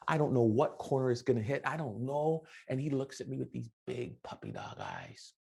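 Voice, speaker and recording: A middle-aged man giving an animated motivational keynote, telling stories and acting out the dialogue. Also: mid-range voice, normal speed, creaky, hardly any pauses, slightly rough. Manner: animated, acts out dialogue with voices. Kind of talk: motivational storytelling speech.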